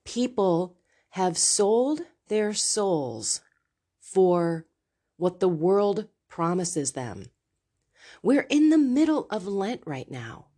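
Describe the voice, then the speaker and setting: A woman's voice: medium pitch, sing-song, dark tone. A middle-aged woman hosting a Catholic podcast, speaking frankly and confessionally from a seat in a home. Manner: frank and confessional, slow and deliberate. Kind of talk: candid faith talk. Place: seated in a home.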